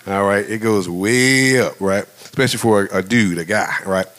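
Lively storytelling middle-aged preacher man. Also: lowish voice, moderate pace. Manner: conversational, animated, laughs often, acts out voices. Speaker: pastor. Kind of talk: storytelling sermon.

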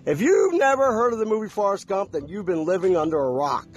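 A man delivers a casual monologue to his viewers, hammering his points with repetition and questions. His voice sits high and swoops up and down animatedly. Faint music plays behind him. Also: animated, brisk. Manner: emphatic, repetitive, preachy, asks the audience questions. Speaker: vlogger.

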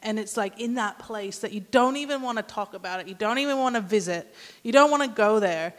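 A woman's voice: mid-range voice, fairly quick. A woman giving a casual, conversational sermon and asking the congregation questions. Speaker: church speaker. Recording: hall reverb.

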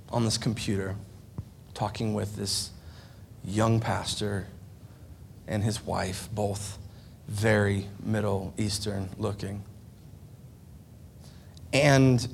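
A man's voice: mid-range voice, creaky, a little hiss or hum. A man preaching a sermon, telling a personal story in an earnest, confessional way with frequent restarts. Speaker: pastor.

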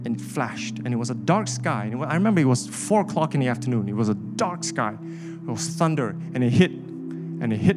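A man, preaching a sermon with an impassioned, repetitive cadence. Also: mid-range voice. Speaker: pastor.

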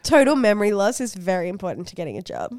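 A woman co-hosting a podcast, tossing in deadpan quips and laughing often. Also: medium pitch, fast, no room sound, clean studio sound. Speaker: podcast co-host. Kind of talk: casual chat.

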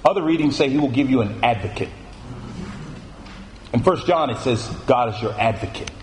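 A man preaching a sermon in a church room, animated, repeating his phrases for emphasis. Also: medium pitch, moderate pace. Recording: echoey room with faint noise.

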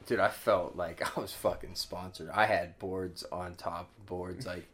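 A man's voice: low voice, steady tone, unhurried, a bit bright. A young man casually telling his life story as a podcast guest, laughing often and swearing freely.

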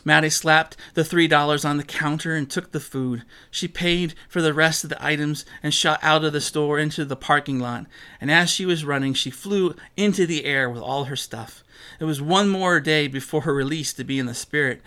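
A man reads a children's story aloud with a bright, forward tone. His voice sits a little high for a man. He brings the lines to life, putting on a new voice for each character. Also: smooth. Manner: animated, acts out each character.

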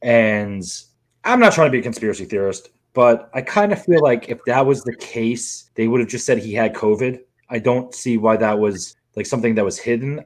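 A man co-hosting a podcast, talking in a rambling, emotional way and swearing freely. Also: medium pitch. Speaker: podcast co-host. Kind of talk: casual podcast chat.

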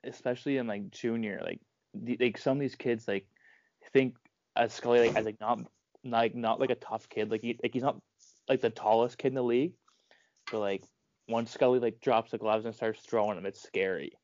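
A man co-hosting a podcast, talking in a halting way, full of filler words. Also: medium pitch, steady tone, darkish tone, dry recording, lo-fi sound. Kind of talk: casual chat.

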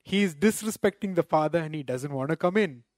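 A man delivers a sermon in a slightly high voice, recorded dry and close. He slows down to quote scripture and keeps checking in with his listeners through rhetorical "right?" asides. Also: animated, no echo. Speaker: preacher.

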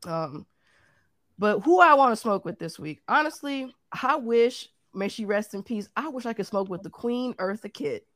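A woman's voice: a little high, lively intonation, moderate pace, fairly bright tone. A woman co-hosting a podcast, telling a heartfelt personal story in casual chat, saying "like" often. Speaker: podcast co-host.

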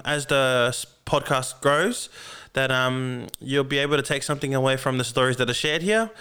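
A young Australian man in his twenties hosts his own podcast in a loose, joking, easygoing way, often filling gaps with ums and dropping the odd swear word. His voice is very smooth and clear through a podcast microphone, sitting at an ordinary middle pitch. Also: a bit bright. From Melbourne, Australia. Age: 20s. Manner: laid-back and joking, with frequent ums and swearing. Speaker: podcast host. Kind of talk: casual chat. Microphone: podcast microphone through a mixing console.

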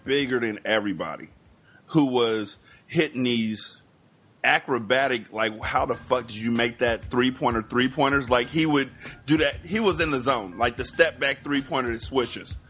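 A man co-hosting a podcast, telling stories in animated casual chat and acting out sounds. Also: mid-range voice, normal speed, slightly rough. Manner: animated storyteller, acts out sounds. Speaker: podcast co-host.

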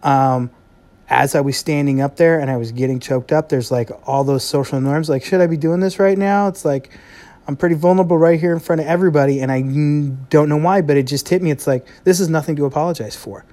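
A man's voice: fairly high pitch, steady tone, dark tone. Earnest man musing on his podcast. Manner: earnest, heartfelt, conversational with pauses. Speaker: podcast host and speaker. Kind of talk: reflective solo podcast monologue.

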